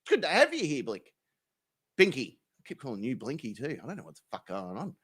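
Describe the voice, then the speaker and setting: Lively, bright-voiced Australian bloke streaming. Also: male voice, medium pitch, a little fast, breathy edge. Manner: profane, laughing, joking with chat. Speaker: livestream host. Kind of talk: casual live chat reading comments.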